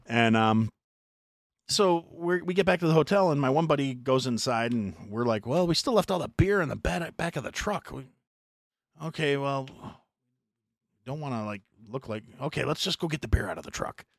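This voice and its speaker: A middle-aged American man hosting a podcast, telling a long story in a profane, animated way with mock voices. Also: mid-range voice, moderate pace, creaky, dry recording, studio quality. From United States. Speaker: podcast host. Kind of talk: casual storytelling chat.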